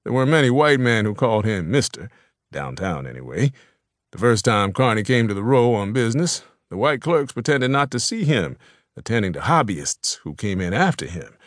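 A man reads a novel aloud in a low, measured voice. The recording is dry and close, with no room sound around him. His scripted storytelling stays even and unhurried. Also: no echo. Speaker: audiobook narrator. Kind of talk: scripted narration.

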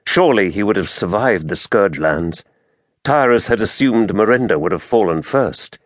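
A man narrating a fantasy audiobook in a measured, dramatic storytelling manner, recorded close to the mic. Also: on the low side, animated, dry recording.

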